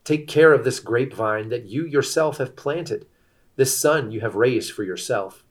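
Man reading scripture, measured. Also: mid-range voice. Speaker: scripture reader. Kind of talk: scripted narration.

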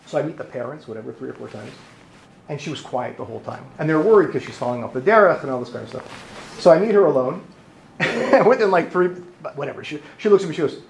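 Male therapist presenting, lively and funny, high animated voice, echoey hall, faint noise. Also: fast, gravelly. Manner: lively and joking, acts out voices. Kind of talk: humorous conference talk. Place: conference hall.

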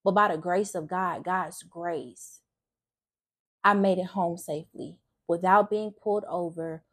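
A woman's voice: lowish voice, fairly even intonation, unhurried, a bit bright. Earnest young woman sharing faith testimony. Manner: earnest, candid, emotional; casual speech with frequent restarts. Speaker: faith vlogger. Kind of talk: personal testimony talk.

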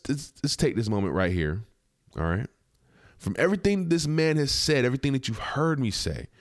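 A man's voice: medium pitch, no echo, clean studio sound. A man hosting a podcast, giving blunt, indignant commentary on a video clip and swearing freely. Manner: blunt, profane, indignant, repetitive. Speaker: podcast host.

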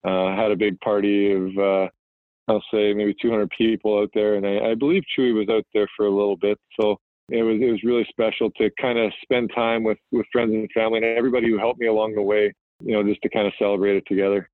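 Guest, man in his thirties, low and flat, rambling and relaxed, on a tinny, dry phone line. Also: fast, no echo. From Manitoba, Canada. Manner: relaxed, rambling, frequent fillers and restarts. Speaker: guest, professional hockey player. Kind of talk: casual phone interview.

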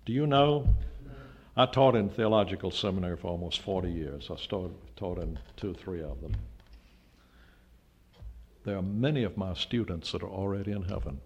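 An older man preaches a sermon in a fairly low voice, captured on a dull, lo-fi recording. He leans hard on key words and climbs to loud, emphatic peaks. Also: normal speed, pauses often, a little hiss or hum. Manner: emphatic, rising to loud peaks when stressing a point. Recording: dull lo-fi sound.

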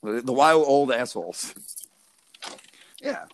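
A man's voice: medium pitch, expressive, takes it slowly. A young man talks loosely in a casual podcast chat, wandering through stories. His speech is packed with fillers and swearing, and he laughs at his own jokes as he goes. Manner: rambling, profane storytelling full of fillers. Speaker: podcast co-host.

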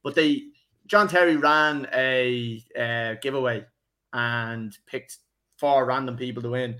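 A man's voice: medium pitch, steady tone, slow, bright, forceful tone. A young man hosting a football podcast, rambling through a story with lots of swearing and laughter. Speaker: podcast host. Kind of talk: casual football podcast chat.

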